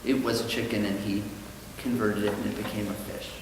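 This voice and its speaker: Rabbi lecturing in an echoey hall. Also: male voice, fairly low pitch, flat delivery, fairly quick, noisy background. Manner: conversational, explanatory, with ums. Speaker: rabbi teaching a study class. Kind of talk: lecture with storytelling. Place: synagogue hall. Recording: echoey hall with long reverb.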